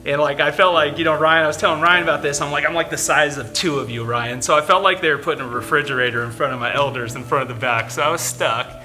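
A man shares his own testimony in church, talking in a candid, animated way. Soft music plays under his voice. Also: fairly high pitch, quick pace, hardly any pauses. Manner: animated, candid storytelling with frequent fillers. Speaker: church member giving testimony. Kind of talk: personal testimony.

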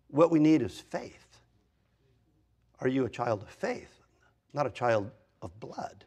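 A husky-voiced pastor, fifty or older, delivers a conversational expository sermon in a church sanctuary, speaking slowly and expressively with long pauses. Self-deprecating asides and big shifts in pitch and volume drive his emphasis.

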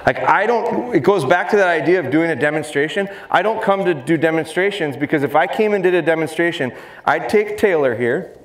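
In a big exhibition hall, a middle-aged man leads a dog training seminar, full of energy and jokes for the crowd. His voice runs a little high, animated and fairly quick, with slight background noise, roomy echo and faint crowd sounds.

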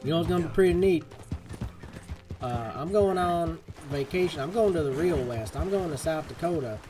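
A young man chatters through his live playthrough in a playful, put-on country drawl. His voice sits a touch high, and game music plays underneath him throughout. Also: expressive, moderate pace. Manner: jokey, fake folksy cowboy talk. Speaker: gaming streamer. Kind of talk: casual live gameplay commentary.

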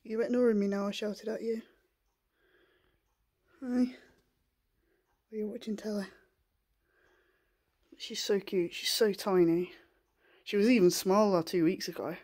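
A woman filming a casual home vlog in her living room, talking softly and in coaxing baby talk to a puppy, often half-whispering, on a handheld camera. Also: mid-range voice, fairly even intonation, measured pace, pauses often. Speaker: vlogger.

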